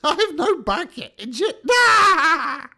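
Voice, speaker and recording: A man voicing a tiny mischievous fey creature hiding in a tree, shrill and sing-song, goading and mocking the party. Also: sing-song, takes it slowly, bright, forceful tone, full character voice. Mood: taunting.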